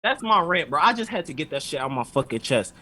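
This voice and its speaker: Higher-pitched man ranting on a podcast. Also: very animated, fast, sharp tone, low-quality recording. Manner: heated, sarcastic, swears constantly. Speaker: podcast co-host. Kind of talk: profane ranting anime recap.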